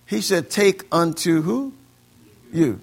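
Male pastor, high gravelly voice, preaching with call-and-response. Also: lively intonation, slow pace. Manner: call-and-response preaching, quoting scripture, mocking excuses in voices. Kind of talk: sermon.

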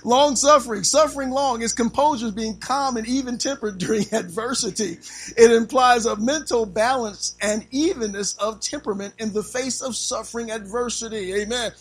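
A preacher, a man with a notably high-pitched voice, delivers a sermon. He is animated and theatrical, firing rhetorical questions at the congregation and slipping into little acted-out scenes. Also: rough recording. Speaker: pastor.

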